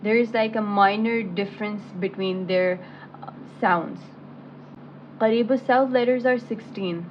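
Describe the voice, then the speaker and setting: A woman teacher talks through a lesson at an unhurried, deliberate pace, explaining sounds and then sounding each syllable out aloud. Her voice sits at an ordinary pitch. The audio is muffled and lo-fi, with a faint hiss underneath. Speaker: Quran recitation teacher. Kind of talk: slow step-by-step lesson with recited syllables.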